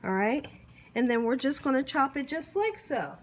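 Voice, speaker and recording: A cooking show host demonstrates home cooking in her kitchen, talking in a high, expressive voice at a normal speed. She's chatty and encouraging, often checking in with viewers by asking "you hear me?" A little hiss or hum sits under the audio.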